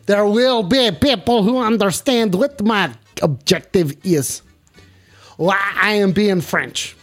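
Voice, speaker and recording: Hammy mock-French phone-in host, a man putting it on, high-pitched, slow and theatrical. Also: faint music behind, heavily acted. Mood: grandiose. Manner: hammy, broken French phrases, slow and grand. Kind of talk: live-stream phone-in bit.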